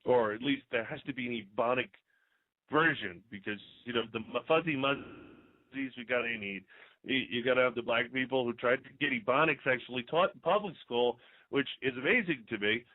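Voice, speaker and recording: A man runs his own talk radio show, delivering sarcastic, ranting commentary that stumbles and restarts as his thoughts race ahead. His voice sits in an ordinary middle pitch. The audio is dry and squeezed into a thin, phone-like band. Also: brisk, dry recording. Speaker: internet radio host. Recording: dry, tinny phone-like sound.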